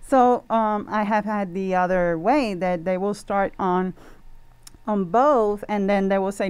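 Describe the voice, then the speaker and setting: Smooth-voiced woman with a Spanish accent. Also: mid-range voice, measured pace, dry recording. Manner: animated, laughs often, acts out student dialogue. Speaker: Spanish teacher, interview guest. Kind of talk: casual podcast interview. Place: indoor podcast recording.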